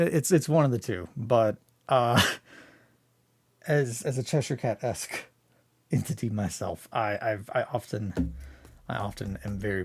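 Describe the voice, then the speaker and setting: A man hosts a casual morning stream, rambling excitedly and restarting his sentences often. His voice sits at an ordinary middle pitch. It is recorded close and dry, with no room sound. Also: vocal fry, dry recording. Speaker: hobby streamer.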